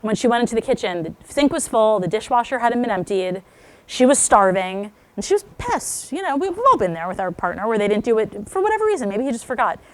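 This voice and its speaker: A woman speaking to parents at a school talk, telling stories with lively acted-out quotes. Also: a little high, quick pace. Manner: animated storytelling, acts out quoted speech.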